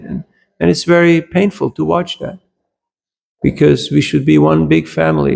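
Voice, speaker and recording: Teaching a scripture class, this man speaks in a slightly high, a little mellow voice with vocal fry. He shares anecdotes casually, keeps checking on his audience, and briefly switches into German at moments.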